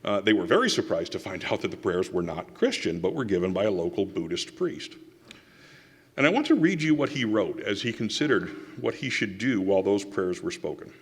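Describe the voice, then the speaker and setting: A man's voice: on the low side, sing-song, fairly quick, husky. Wry man lecturing in an echoing hall. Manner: wry, sarcastic asides; reads quotations aloud. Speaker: conference speaker. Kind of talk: public lecture. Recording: reverberant hall.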